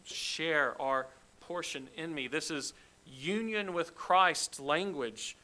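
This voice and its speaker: Preacher guy going through a bible passage, kinda high bright voice, gets really emphatic. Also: slow. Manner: emphatic, acts out quoted lines with rising intensity. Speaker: pastor. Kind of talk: expository sermon.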